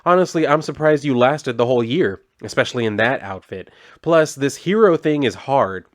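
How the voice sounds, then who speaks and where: A man's voice: medium pitch, lively intonation, moderate pace, voice pushed up, close to an everyday voice. A man reading the lines of an easygoing woman supervillain with a Christmas theme, teasing and offhand.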